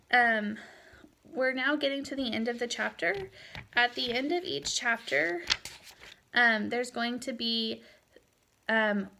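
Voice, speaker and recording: A woman's voice: fairly high pitch, gravelly, pushed and bright, slight background noise. A woman teaching a Spanish lesson in a recorded lecture, explaining patiently with frequent fillers.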